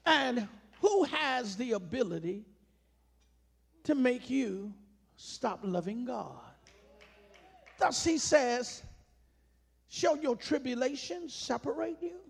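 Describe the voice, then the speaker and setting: A man's voice: extremely high pitch, lively intonation, takes it slowly, creaky, pauses often, slightly rough. A man preaching a sermon, emphatic and rhythmic, repeating phrases and calling on the congregation to answer back. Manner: emphatic call-and-response preaching.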